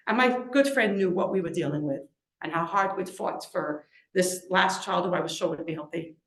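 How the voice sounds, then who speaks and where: A middle-aged woman, an author and lecturer, giving an inspirational storytelling talk, acting out quoted voices with big leaps in pitch. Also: normal speed, fairly bright tone, reverberant. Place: lecture event in a room.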